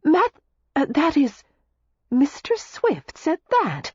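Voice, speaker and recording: A woman voicing a lively young American heiress who speaks in quick, bright exclamations. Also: medium pitch, husky, no echo, voice pushed up. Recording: slightly muffled lo-fi recording.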